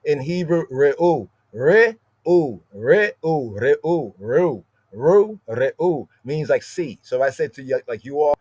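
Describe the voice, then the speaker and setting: A man teaches scripture in a relaxed podcast style. He circles back to the same words and keeps asking "right?" as he goes. The recording is dry and a little muffled, with no room sound. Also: on the high side, takes it slowly, few pauses, dry recording. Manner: repeats words, constant "right?" tag questions. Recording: dry, slightly dull audio.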